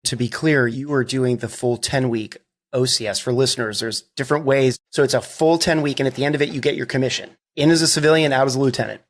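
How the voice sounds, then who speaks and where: A man's voice: mid-range voice, steady tone, fast. A man hosting a podcast, clarifying points for listeners and prompting his guest. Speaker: podcast host, interviewer. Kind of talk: interview questions.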